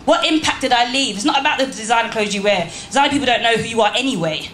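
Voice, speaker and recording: A woman's voice: a little high, lively intonation, rapid-fire, fairly bright tone, a little hiss or hum. A woman giving a motivational speech to a live audience in a church hall, emphatic and firing rhetorical questions at the crowd. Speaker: motivational speaker. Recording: roomy hall, faint background ambience.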